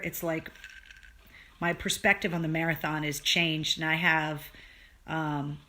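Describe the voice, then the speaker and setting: A woman's voice: lowish voice, pushed and bright. A woman hosting a casual livestream for her viewers, talking earnestly and emotionally, swearing freely and restarting her sentences as she goes. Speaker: livestream show host.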